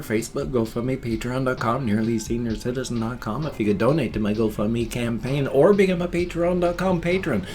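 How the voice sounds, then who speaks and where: A man in his fifties chatting casually to camera as a vlogger, with a playful habit of odd emphasis and drawn-out words. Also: mid-range voice, darkish tone. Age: 50s.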